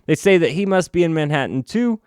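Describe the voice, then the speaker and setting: A man reviewing a comic book in a casual recap, halting and restarting, with sarcastic asides. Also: a little high, animated, darkish tone, smooth, no room sound, clean studio sound.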